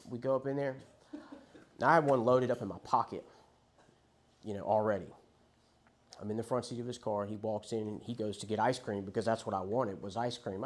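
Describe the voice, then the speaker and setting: A young man candidly telling his story of addiction and loss to a recovery group, speaking in a conversational, profane way. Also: mid-range voice.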